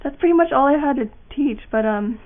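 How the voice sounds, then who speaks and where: A woman's voice: sits high, a little fast. A young woman giving a casual voice acting how-to, rambling with fillers and restarts. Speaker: voice acting tutorial maker. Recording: tinny lo-fi home mic.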